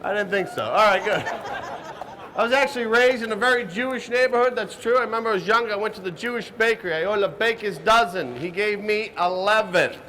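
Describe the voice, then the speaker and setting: A man's voice: sits high, fairly quick, sharp tone. A man doing live stand-up comedy and hosting a cooking show, brashly teasing the audience between jokes. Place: outdoor stage at a crowded show. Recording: live crowd and hall noise.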